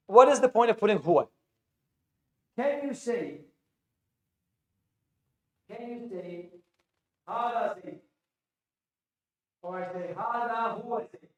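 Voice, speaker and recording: High-voiced man teaching in an echoey classroom. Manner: quizzes students, repeats phrases, many restarts. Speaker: Arabic teacher. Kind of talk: classroom lecture.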